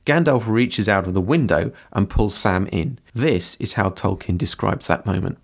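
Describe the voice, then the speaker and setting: A man hosting a writing podcast, explaining character in measured, scripted teaching narration. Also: fairly low pitch, gravelly. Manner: measured, explanatory, quotes from books.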